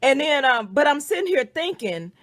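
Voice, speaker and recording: Woman host, fired-up storyteller with a lively voice and lots of cursing, dry close sound. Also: high-pitched, moderate pace, no room sound. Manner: animated, profane storytelling that acts out other people's words. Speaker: podcast host. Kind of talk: casual venting on a phone call.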